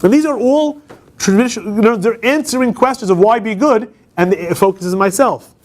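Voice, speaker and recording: Chatty rabbi lecturing a class. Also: male voice, high-pitched, normal speed. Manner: conversational, asks the class questions, frequent restarts. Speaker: campus rabbi teaching a class. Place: law school classroom.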